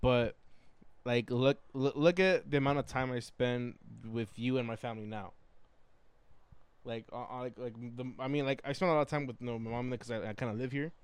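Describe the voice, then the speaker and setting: Rambling young man, smooth dry voice. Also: mid-range voice, fairly even intonation, a little fast, no room sound. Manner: rambling, full of likes and restarts. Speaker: podcast co-host. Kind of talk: casual chat.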